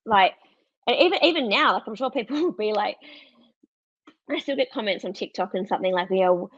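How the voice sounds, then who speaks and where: A woman's voice: medium pitch, a little fast, slightly rough, dry recording. Australian woman, thirties, candid storyteller, dry close sound, slightly dull audio. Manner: candid, laughs often, quotes others in lively voices. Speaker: podcast guest. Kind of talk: casual storytelling.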